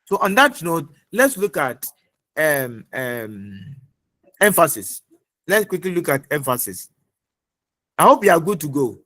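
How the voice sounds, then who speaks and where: High-voiced male lecturer. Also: very animated, pushed and bright, dry recording. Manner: repetitive, quizzing, fills pauses with uh. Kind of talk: online class lecture.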